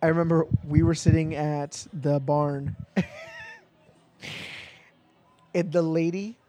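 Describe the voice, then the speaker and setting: A young man with a notably high-pitched voice chats casually with a friend. He laughs a lot and slips into other people's voices while telling funny stories. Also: little pitch movement, moderate pace, mellow. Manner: laughing storyteller, acts out quoted voices. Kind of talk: casual chat.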